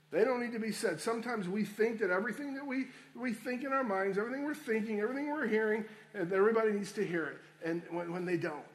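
A man preaching a sermon, addressing listeners as friends and repeating key phrases for emphasis. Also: high voice. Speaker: pastor.

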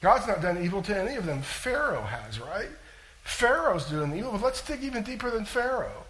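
A male pastor delivering an animated, conversational sermon and putting questions to his listeners. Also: high voice, fairly quick, poor audio.

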